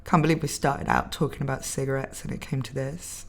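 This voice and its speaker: She has a rumbling low, creaky voice with fairly even intonation and a fairly quick pace. A young woman from England with a mildly posh accent, she reads out live comments in casual stream chat, laughing often and staying chatty and giggly.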